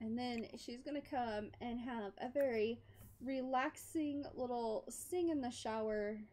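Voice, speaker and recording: A woman's voice: fairly high pitch, measured pace, a little mellow, a little hiss or hum. A woman giving casual commentary while playing a life-sim game, chatting to her character and laughing often. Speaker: gameplay commentator.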